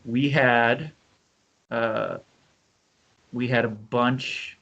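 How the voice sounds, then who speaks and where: A man's voice: mid-range voice, steady tone, drawn-out words, vocal fry, a bit bright, muffled recording. Rambling man hosting a casual podcast. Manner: rambling, self-correcting, laughs often. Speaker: podcast host. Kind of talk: casual chat and reading a written narrative.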